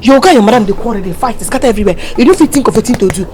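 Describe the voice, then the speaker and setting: An actress playing a scolding Nigerian housewife. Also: female voice, fairly high pitch, animated, very fast, lightly acted. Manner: scolding in pidgin. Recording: film soundtrack with loud music.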